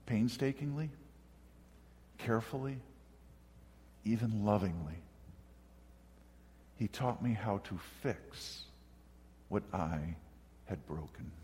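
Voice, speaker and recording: Reflective pastor preaching in a reverberant hall. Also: male voice, on the low side, takes it slowly, pauses often. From northern United States. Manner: reflective, conversational storytelling with gentle humor. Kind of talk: sermon.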